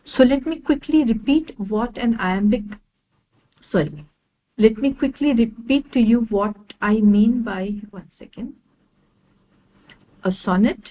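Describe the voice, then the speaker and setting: A woman giving an online lecture over slides, measured and repeating each definition step by step. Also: fairly high pitch, dull audio.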